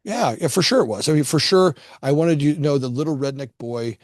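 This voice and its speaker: A man's voice: fairly high pitch, a little fast, no echo. A middle-aged man from Florida spins a personal story in loose, conversational fashion. He restarts phrases and repeats words as he goes, rising and falling with feeling. The sound is dry and close. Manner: animated, repeats words often when starting sentences. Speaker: guest, construction company founder.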